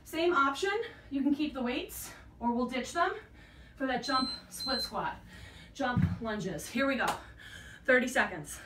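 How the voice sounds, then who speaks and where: A woman's voice: sits high, expressive, measured pace, fairly bright tone, a little hiss or hum. A woman fitness instructor leading a workout class, out of breath and encouraging as she counts reps while exercising. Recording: echoey room, mic at a distance.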